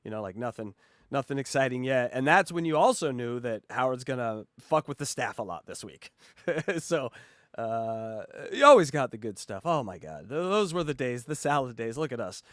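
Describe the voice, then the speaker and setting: Animated, profane man hosting a podcast. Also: medium pitch, normal speed, no echo, clean studio sound. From West Coast of the US. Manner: profane, animated, mimics radio voices. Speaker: podcast host. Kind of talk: casual chat.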